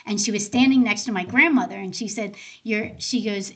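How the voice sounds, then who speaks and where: A woman's voice: medium pitch, fairly quick, slightly rough. A woman being interviewed as a guest, an end of life doula telling personal stories in a casual, conversational way and acting out the dialogue she quotes. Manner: animated, acts out quoted dialogue in her stories.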